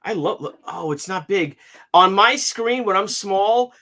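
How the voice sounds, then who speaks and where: A man's voice: high-pitched, measured pace. A man in his fifties hosting a casual live stream, joking and telling anecdotes. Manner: jokey, animated, tells gags and anecdotes. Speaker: stream host.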